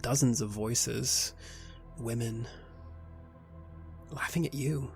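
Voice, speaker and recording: A man's voice: mid-range voice, measured pace, vocal fry, pauses often, faint music behind. A man narrating as game master of a tabletop horror game, in a taunting, unsettling manner.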